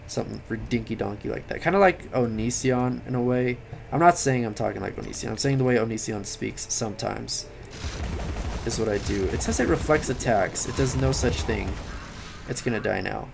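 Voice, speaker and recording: A tired young man giving late-night game commentary, rambling, swearing and yelling at the game. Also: medium pitch, moderate pace, vocal fry, slight background noise. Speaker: gaming commentator.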